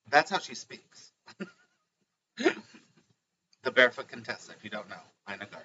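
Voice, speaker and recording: A middle-aged man hosting a live stream as a spiritual teacher, chatting casually and excitedly, often laughing and repeating lines. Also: mid-range voice, moderate pace, pauses often, highs cut off, slight background noise.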